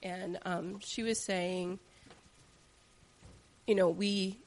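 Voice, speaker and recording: A woman's voice: lowish voice, fairly even intonation, very slow, darkish tone. Hesitant woman in a group discussion. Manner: hesitant, thinking aloud. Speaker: study group member.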